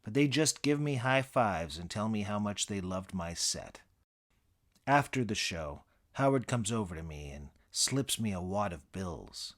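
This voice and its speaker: A man narrating a comic first-person story in a dry, deadpan, boastful manner. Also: on the low side, a little slow.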